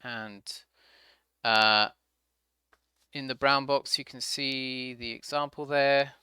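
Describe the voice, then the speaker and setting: A man's voice: medium pitch, steady tone, sharp tone, clean tone, dry recording. A man teaching an English class, walking students through the textbook page by page and often checking in with "okay?". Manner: slow, repeats "okay?" to check understanding. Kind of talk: online class instruction.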